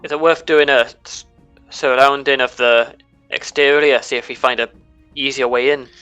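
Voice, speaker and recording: A man playing in a tabletop game, making quick joking remarks. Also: mid-range voice, fairly even intonation, bright, forceful tone, clear, resonant tone, faint music behind. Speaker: player. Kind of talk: casual chat in a tabletop game.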